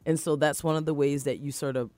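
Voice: medium pitch, quick pace, no echo. An adult speaker in a casual radio talk show, giving upbeat life advice and acting out their own inner thoughts. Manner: animated, motivational, acts out quoted thoughts.

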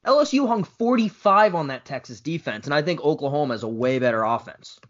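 A man co-hosting a casual sports podcast, quick to argue and needle the others. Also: fairly high pitch, expressive, a bit bright. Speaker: podcast co-host. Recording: dull lo-fi podcast audio.

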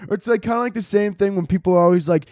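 A man's voice: high voice, rapid-fire, darkish tone, no room sound, clean studio sound. A young man hosting a podcast, ranting in a casual comedic monologue, laughing often, swearing and mocking people in quoted voices. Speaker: podcast host.

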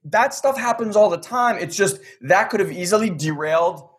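Animated man telling a story. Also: high-pitched, normal speed. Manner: animated, acts out quoted dialogue, swears casually. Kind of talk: casual storytelling chat.

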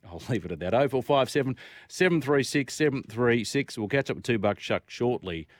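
A man's voice: medium pitch, animated, a little fast, no room sound, studio quality. A man hosting talkback radio, reading out listener texts and chatting about sport in a loose, playful way. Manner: chatty, reads listener texts aloud, playful crowd chants. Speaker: radio host. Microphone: studio microphone.

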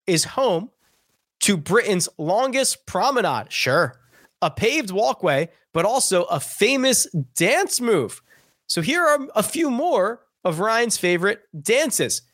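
A man's voice: sits high, a bit bright, no room sound, studio quality. A man hosting a podcast, reading listener jokes in a playful, punny way. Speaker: podcast host. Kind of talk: casual podcast chat.

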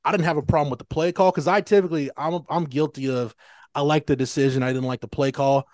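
A man's voice: a little high, steady tone, fast, darkish tone, no echo, clean studio sound. A man co-hosting a sports podcast, thinking aloud with restarts as he lays out his view of a play call. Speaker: co-host. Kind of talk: casual sports podcast analysis.

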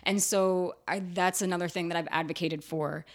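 Animated, lowish-voiced woman telling stories. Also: normal speed. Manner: animated storytelling, many fillers like "like" and "you know". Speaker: actor and writer, podcast guest. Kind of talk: casual interview chat.

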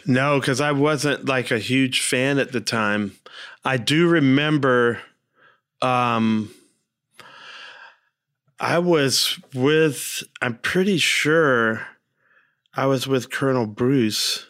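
A man's voice: mid-range voice, slow pace, long pauses. A man co-hosting a podcast, speaking in a hesitant, reflective way in casual chat. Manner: soft-spoken, hesitant, reflective. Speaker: podcast co-host.

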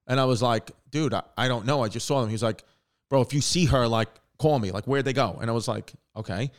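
Picture a man hosting a comedy-style podcast who rambles through a story with lots of "like" and "I was like". He acts out the quotes with a lot of swearing, at an ordinary middle pitch. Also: a little fast. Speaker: podcast host. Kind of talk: casual storytelling.

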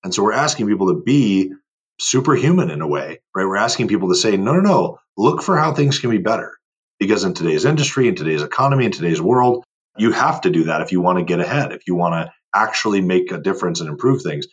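A man's voice: deep voice, animated, fast, slightly rough. A man speaking as a guest in a casual podcast interview, emphatic and motivational. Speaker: guest, board game company owner.

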